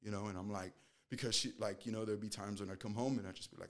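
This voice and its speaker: Earnest rambling man, lowish voice. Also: level tone, a little fast. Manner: rambling, earnest, fills with "you know"; acts out quoted dialogue. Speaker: guest sharing a faith testimony. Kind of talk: casual spoken testimony.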